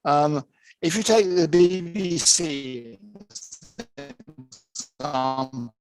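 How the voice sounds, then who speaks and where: A man with an English accent giving an online lecture over a video call, in a steady, explanatory way. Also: a little high, very slow, faint music behind, rough recording.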